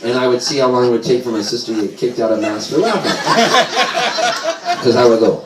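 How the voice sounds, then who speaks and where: A man's voice: medium pitch, a little fast, very noisy. A man telling rambling, self-amused stories to a live audience at a small bar, often laughing as he talks. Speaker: singer-songwriter telling stories on stage. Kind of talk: live stage storytelling. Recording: roomy live venue mic, from a distance, audience heard. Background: audience laughter and chatter.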